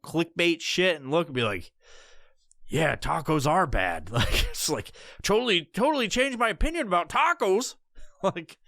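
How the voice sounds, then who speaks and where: Podcast host, man, higher voice, smooth and crisp, dry close mic, swears a lot, jumps into squeaky impressions. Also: no room sound. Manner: profane, animated, mimics voices in high pitch. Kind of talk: solo podcast rant.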